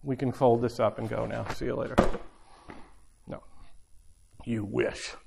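A man's voice: mid-range voice, fairly even intonation, unhurried, vocal fry, noisy background. A middle-aged man preaching an informal sermon, talking conversationally and repeating phrases for emphasis.

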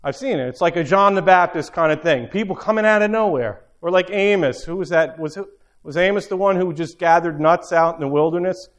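Middle-aged male preacher, fairly high voice, casual sermon delivery, repeats key lines. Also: a little fast. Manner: conversational, repeats phrases for emphasis. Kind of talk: informal sermon.

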